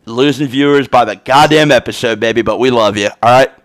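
A man's voice: medium pitch, brisk. A young adult man hosting a podcast, talking in a rambling, profane, slang-heavy casual rant, recorded on a phone. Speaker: podcast host.

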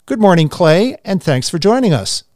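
A man's voice: sits high, sing-song, normal speed, a little mellow, no echo, clean studio sound. A man hosting an interview, introducing the guests and prompting them with questions. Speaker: podcast host, interviewer.

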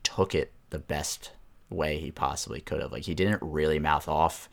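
Very deep-voiced man in laid-back chat. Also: normal speed, creaky, a bit bright. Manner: laid-back, agreeable, laughs along. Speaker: podcast co-host. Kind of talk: casual sports chat.

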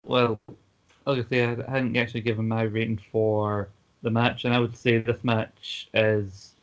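A man co-hosting a casual podcast, ranting quickly with many fillers. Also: on the low side, level tone. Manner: fast, filler-heavy ranting. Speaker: podcast co-host. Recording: dull lo-fi podcast audio.

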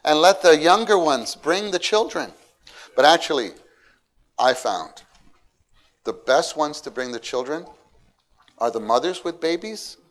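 An animated male preacher giving a sermon to a congregation. His volume swings from soft asides to loud, emphatic exhortation. He sits at a middle pitch and breaks into voiced quotes of the people he talks about. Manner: animated, shifts between quiet and loud. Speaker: church speaker.

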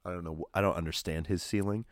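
A man co-hosting a podcast, chatting casually about basketball in a rambling, animated way, full of fillers and restarts. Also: sits low, fast talker, dry recording, clean studio sound. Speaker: podcast co-host. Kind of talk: casual sports chat.

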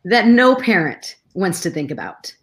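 A woman's voice: on the low side, sing-song, unhurried, a bit bright. A middle-aged woman, a guest in a conversation, telling a personal story with emotion and many restarts.

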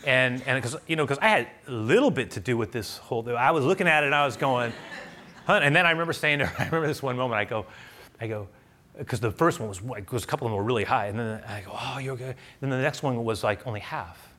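Bright-voiced male pastor preaching conversationally. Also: medium pitch, fast. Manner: conversational, animated storytelling with bursts of loud excitement. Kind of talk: sermon.

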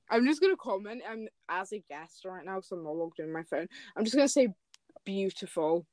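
A woman's voice: mid-range voice, lively intonation, brisk, a little mellow, no echo. A young woman hosting a casual chat, reading fan fiction aloud with melodramatic flair and joking between lines. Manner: reads melodramatically, breaks into laughter and jokes.

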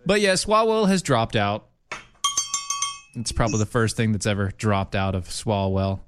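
A man's voice: lowish voice, normal speed, clean tone. A man co-hosting a casual political talk show who cracks jokes. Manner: joking, wisecracking. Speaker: co-host.

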